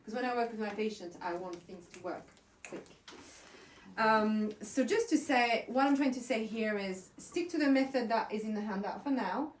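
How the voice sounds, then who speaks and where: A woman's voice: on the high side, normal speed, slight background noise. Chatty woman teaching, roomy and distant. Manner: chatty, encouraging, explains step by step. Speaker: herbalism teacher. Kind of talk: hands-on workshop teaching. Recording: roomy sound from a distant mic.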